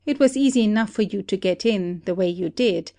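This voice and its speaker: A woman voicing a shrewd country detective who calmly lays out an accusation in a play reading. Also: medium pitch, gravelly, close to an everyday voice. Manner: steady, deliberate accusing. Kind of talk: amateur audiobook play reading.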